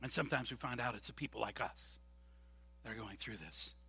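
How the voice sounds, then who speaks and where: Lively bright-voiced pastor guy preaching, bit husky, big echoey church hall. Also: mid-range voice, brisk. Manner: animated, jokey, acts out voices. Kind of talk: sermon.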